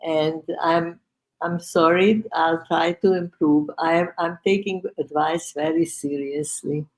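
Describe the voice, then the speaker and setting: Slow, low-voiced older woman on a video call. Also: fairly even intonation. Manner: slow, hesitant, dry and sarcastic. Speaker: podcast co-host. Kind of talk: casual chat.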